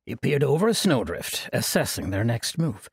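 A man narrating a fantasy audiobook in an expressive storytelling manner. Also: mid-range voice, normal speed, creaky, husky, dry recording, studio quality.

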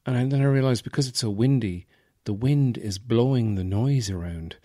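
A man's voice: mid-range voice, moderate pace, warm tone, no echo, studio quality. An Irish man hosting a podcast, telling stories in a rambling, wry, self-mocking comic monologue. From Ireland, Offaly. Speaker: podcast host.

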